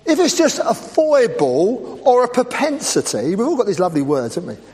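A man delivers a humorous church sermon in a high voice that swings widely in pitch. He keeps teasing the congregation with playful asides. The sound rings with a long church reverb over a faint background hum. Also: very animated, moderate pace, few pauses, a little mellow. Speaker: preacher.

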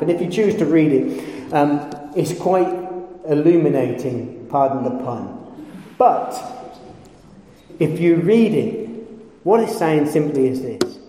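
Male preacher, mellow slightly high voice, animated sermon with jokes, roomy hall reverb. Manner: animated storytelling with playful asides and acted quotes. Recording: echoey hall with long reverb.

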